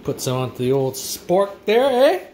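A rowdy man tries out food for his vlog, cursing freely as he jokes along. His voice sits a little high and swings widely in pitch. A faint hum of background noise runs under the recording. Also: sing-song, moderate pace, a little mellow. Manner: crude, profane, rowdy banter. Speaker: vlogger. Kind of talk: casual food review vlog.

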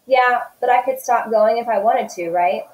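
A woman voicing a shy, hurt ten-year-old boy who answers quietly and reluctantly, in an echoey room. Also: a little high, moderate pace, pitched above the performer's own voice, lightly acted. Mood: subdued.

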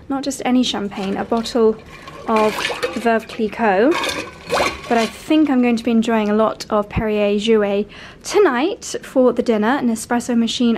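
A woman's voice: a little high, slight background noise. Gushing woman on a hotel tour. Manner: gushing, breathless with delight, repeats exclamations. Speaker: fashion and lifestyle vlogger. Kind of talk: excited hotel room tour vlog. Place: luxury hotel room high in a tower. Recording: music playing under the voice.

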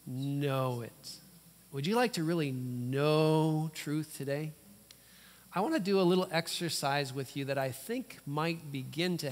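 Animated man preaching in a reverberant church. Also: fairly high pitch. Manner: animated, rhetorical questions, playful asides. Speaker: guest preacher. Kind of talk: sermon. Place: church sanctuary. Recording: long church hall reverb.

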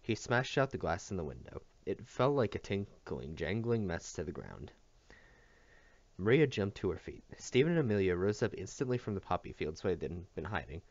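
A man reading a novel aloud as scripted narration, in an expressive storytelling manner. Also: low voice, normal speed, no echo. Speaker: audiobook reader. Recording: dull dry recording.

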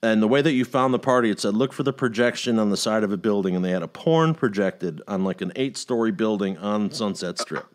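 A man's voice: on the low side, brisk, hardly any pauses. A middle-aged man hosting a casual chat, telling a long story with lots of swearing and acting out other people's lines. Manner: animated storyteller who swears freely and acts out quotes. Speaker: podcast host.

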